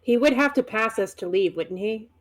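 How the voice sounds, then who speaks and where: A woman player in a tabletop game, speaking calmly and earnestly. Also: on the high side, moderate pace. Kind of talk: playing a character in a tabletop game.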